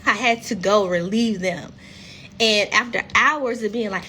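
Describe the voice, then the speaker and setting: A woman's voice: mid-range voice, normal speed, pushed and bright, slight background noise. A woman, a reality TV cast member chatting candidly and bluntly on a phone livestream, swearing freely. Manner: candid, blunt, profane storytelling. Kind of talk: casual livestream chat.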